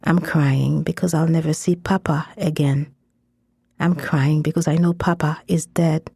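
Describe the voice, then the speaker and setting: Woman, scripted fiction narration, measured intensity, warm dark tone, dry close recording. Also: deep voice, fairly even intonation, creaky, slightly rough, no echo. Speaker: story narrator.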